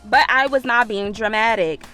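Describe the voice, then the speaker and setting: A woman's voice: fairly high pitch, moderate pace, pushed and bright, faint music behind. A woman vlogger, telling a storytime with profanity and acted-out quotes. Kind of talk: storytime vlog.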